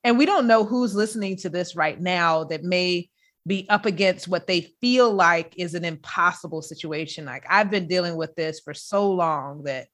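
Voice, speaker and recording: A woman's voice: on the low side, normal speed, fairly bright tone. A woman hosting a podcast interview who responds in an earnest, encouraging way. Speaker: podcast host. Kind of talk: interview conversation.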